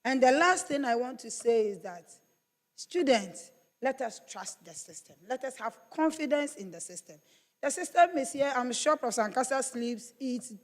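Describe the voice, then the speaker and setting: A woman professor speaks to students in a big hall, her fairly high voice carrying a long reverb. She urges them earnestly and comes back to the same appeals again and again. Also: expressive, normal speed. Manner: earnest, urging and repetitive. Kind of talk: public speech at a workshop. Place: large lecture hall.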